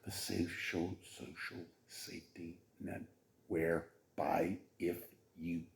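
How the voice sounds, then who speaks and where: A man hosting a political podcast who swings from shouted profane rants to low, rambling mumbles. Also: flat delivery, slow pace, vocal fry. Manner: rambling, with many fillers and restarts. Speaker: podcast host.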